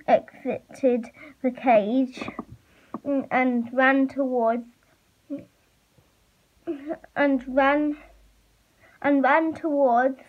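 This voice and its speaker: A woman reading a fan story aloud, halting and stumbling with fillers. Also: high-pitched. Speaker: reader. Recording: muffled lo-fi recording.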